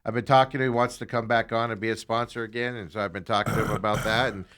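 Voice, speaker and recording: A man hosting a casual talk show, chatting and teasing his co-host, with sudden jumps up in pitch. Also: level tone, very fast, fairly bright tone. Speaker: podcast host.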